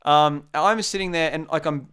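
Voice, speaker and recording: A young Australian man telling a casual anecdote, acting out the quotes in a lively way. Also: on the high side, normal speed, smooth. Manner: animated, acts out quotes. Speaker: storyteller guest.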